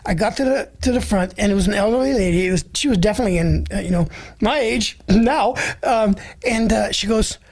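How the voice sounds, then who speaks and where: A man's voice: sits high, fairly quick, a little mellow. An older man hosting an interview podcast, chatting casually and enthusiastically acting out the exchanges he tells about. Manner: enthusiastic, acts out quoted exchanges. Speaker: host.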